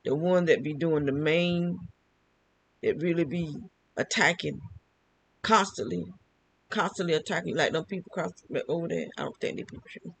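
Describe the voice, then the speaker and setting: An older man in a casual monologue, wandering from thought to thought and circling back to repeat himself. His voice sits a little high for a man, with a faint hiss under it. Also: normal speed, vocal fry, long pauses, rough recording. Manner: rambling, repeats phrases, restarts. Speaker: vlogger.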